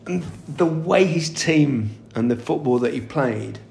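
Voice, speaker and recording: A man's voice: fairly high pitch, lively intonation, a little slow, creaky, darkish tone, a little hiss or hum. A middle-aged man, a former footballer, telling chatty anecdotes in an interview, laughing often and restarting his sentences. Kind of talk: casual interview storytelling. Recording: echoey room.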